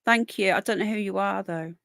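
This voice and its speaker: A woman's voice: medium pitch, fairly quick, creaky, fairly bright tone, dry recording, clean studio sound. A British woman hosting a live stream, chatting casually and rambling as she reads viewers' comments. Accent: British English. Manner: chatty, rambling, talks to chat viewers by name. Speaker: livestream host.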